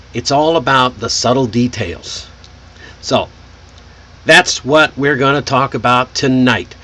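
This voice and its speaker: A man from Texas, teaching an online English pronunciation lesson. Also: mid-range voice. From Texas, United States. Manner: slow, lively, animated delivery.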